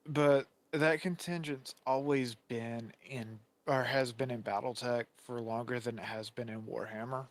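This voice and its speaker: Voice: medium pitch, fairly even intonation, a little slow, few pauses. A podcast guest in casual chat, rambling through stories and laughing easily.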